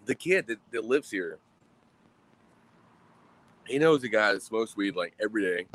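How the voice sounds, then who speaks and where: Man, mid-thirties, low voice, rambling casual vlog talk over beer, swears freely, sighs between thoughts. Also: animated, measured pace, a bit bright. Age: 30s. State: drinking beer.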